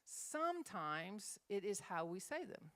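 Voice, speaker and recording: A woman's voice: mid-range voice, sing-song, takes it slowly, a bit bright. A woman minister and former schoolteacher leading a Bible study, talking conversationally and acting out example phrases in different tones.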